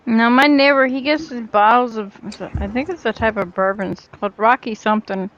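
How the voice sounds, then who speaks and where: A woman's voice: a little high, a little fast, fairly bright tone, muffled recording. A woman in casual livestream chat, run down with a fever, talking bluntly and plainly.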